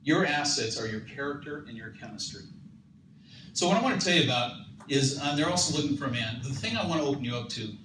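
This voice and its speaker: A man, a dating coach, giving an emphatic motivational seminar talk and jumping up in pitch when he gets excited. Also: fast. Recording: echoey room, mic at a distance, noisy.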